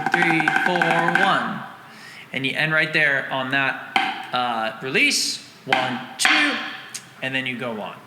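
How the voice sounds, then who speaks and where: Heavy background noise surrounds a man with a voice on the high side as he explains drum rhythms step by step. He counts and sings the beats out loud and corrects himself often, all in an echoey room where drums are pounding loudly.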